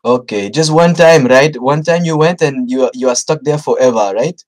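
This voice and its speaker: A man's voice: medium pitch, moderate pace, close to an everyday voice. A man playing a blunt, preachy Nigerian caller in a put-on Nigerian accent, pushing and lecturing on a prank phone call. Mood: probing. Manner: pushy, lecturing, repeats himself. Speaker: scambaiter.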